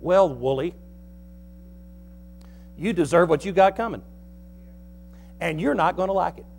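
A male pastor delivers an animated, folksy sermon. His voice sits high for a man and swings from quiet asides to loud, pressing emphasis. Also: a little slow, vocal fry, a little hiss or hum.

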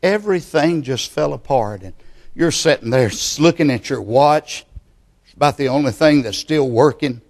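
A man preaching a sermon, speaking slowly and emphatically and building to loud passion. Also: medium pitch, lively intonation.

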